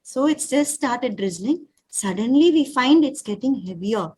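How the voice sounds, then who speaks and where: A woman in her thirties with an Indian English accent, leading a live parent workshop and calling out clapping games in quick drills. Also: high-pitched, slight background noise. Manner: lively, calls out commands in rapid drills. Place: room with a live audience.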